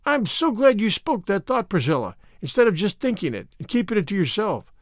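A man's voice: sits high, sing-song, fairly quick, no room sound, clean studio sound. A man reading aloud, voicing an imaginative and eager young woman who gushes romantically. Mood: enthusiastic. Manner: gushing, romantic.

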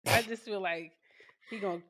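A woman's voice: medium pitch, moderate pace, a bit bright. A woman co-hosting a podcast in casual chat, giggly and laid-back. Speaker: podcast co-host.

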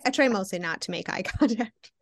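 Female podcast co-host, casual, animated storyteller, lots of laughter, very varied pitch. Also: a little fast, vocal fry. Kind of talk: casual chat.

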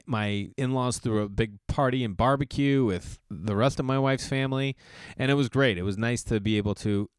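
A man hosting his own podcast in a casual solo monologue, telling animated stories, acting out what others said, and swearing now and then. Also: on the low side, clear, resonant tone, no room sound. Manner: animated storytelling, acts out quoted people, swears casually. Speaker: podcast host.

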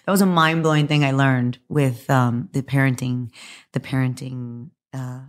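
Podcast guest, woman, low hoarse voice, lively storyteller. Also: normal speed. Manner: animated, laughing, acts out quotes. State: hoarse from press junkets. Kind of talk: casual podcast interview.

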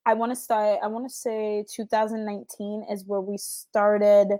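A woman in her thirties, a podcast guest telling stories in a chatty way, full of "like" and jumping high when she laughs. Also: level tone, moderate pace, dark tone, no room sound. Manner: chatty, says "like" a lot, jumps to high squeals when laughing. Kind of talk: casual storytelling chat.

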